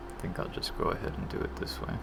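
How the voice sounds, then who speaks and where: A man's voice: fast, very noisy. A man casually chatting on a live dev stream, self-deprecating and muttering to himself as he works. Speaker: game developer streaming his work.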